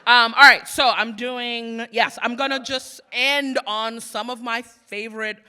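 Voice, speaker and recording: This woman's voice sits a little high, with a steady tone, a measured pace, and a pushed, bright, clean sound. She's a poet reading live at a museum for an audience, trading self-mocking, playful asides with spoken-word pieces that build rhythmically.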